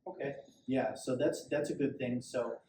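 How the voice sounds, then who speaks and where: Speaking at medium pitch and normal speed with fairly even intonation, a middle-aged police sergeant runs a loose safety training talk for a small group, acting out bits of quotes. The recording is from an echoey room, with a distant mic and faint hiss.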